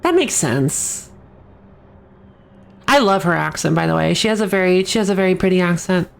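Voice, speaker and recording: A woman's voice: lowish voice, expressive, normal speed, gravelly. A young woman streaming a game, chatting casually, laughing often and reading the on-screen text aloud. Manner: chatty, giggly, self-correcting.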